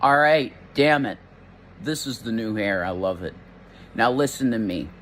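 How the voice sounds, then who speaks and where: An indignant man rambles and stammers through a rant aimed at the camera. His voice sits at an ordinary middle pitch. A faint hum of ambient noise hangs behind him. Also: expressive, a little slow, fairly bright tone. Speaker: online commentator. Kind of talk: ranting vlog address.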